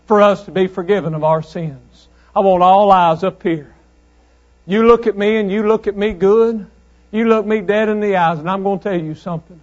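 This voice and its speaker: A man preaching a fiery sermon, commanding and impassioned, swinging between loud declarations and low tones. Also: moderate pace, highs cut off.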